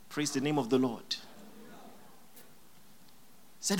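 A pastor preaching a sermon in church, with a bright, ringing voice that swoops widely in pitch. The delivery is emphatic, driving points home by repeating phrases and breaking into sudden loud exclamations. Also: animated, a little slow.

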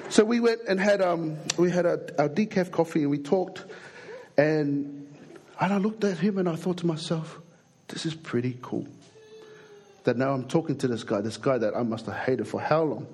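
A young adult man with an Australian accent preaching a sermon, an animated, jokey storyteller who acts out the people in his stories. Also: fairly high pitch, breathy edge.

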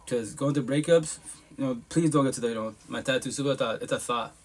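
A man's voice: medium pitch, brisk. A man hosting a live podcast stream, talking bluntly and profanely in a casual monologue, with emphatic asides. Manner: blunt, profane, emphatic talk with frequent laughs.

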